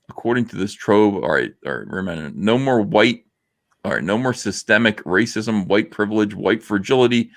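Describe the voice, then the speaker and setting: Low, gravelly man ranting on a livestream. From United States. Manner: animated, sarcastic, ranting. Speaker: livestream host.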